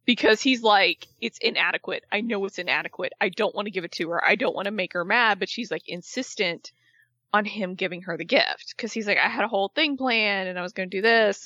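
Bright, animated woman in casual chat. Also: medium pitch, a little fast, no room sound, muffled recording. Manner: animated retelling, acting out the people she quotes. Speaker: podcast co-host recapping a reality show.

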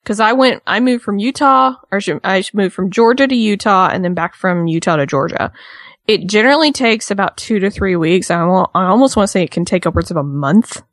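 A woman in casual chat, telling a story in an animated way and acting out what people said. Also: mid-range voice, fairly quick, no room sound, clean studio sound. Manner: animated storytelling with acted-out quotes. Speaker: podcast co-host recapping a reality show.

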